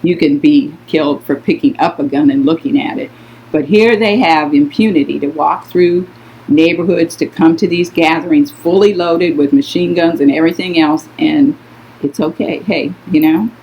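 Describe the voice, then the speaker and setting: Captured on a muffled lo-fi recording, an older woman speaks at normal speed in a low-pitched voice, emphatically and indignantly recounting stories to her adult daughter in relaxed, outspoken chat.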